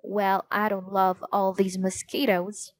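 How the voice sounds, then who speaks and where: A woman's voice: medium pitch, flat delivery, slow pace, dry recording, natural voice. A woman voicing a grumbling, skeptical young boy.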